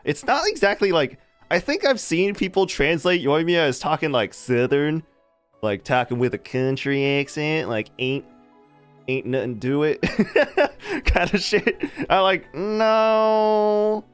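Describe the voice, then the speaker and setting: Animated, laughing game streamer. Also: mid-range voice, unhurried, soft background music. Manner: animated, laughs often, rambling. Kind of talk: casual chat with live chat.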